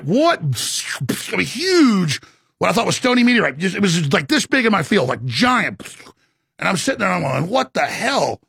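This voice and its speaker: Gravelly, ranting high-voiced man. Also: a bit bright, dry recording, studio quality. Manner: rambling, stammering restarts, emphatic outbursts. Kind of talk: fast ranting monologue.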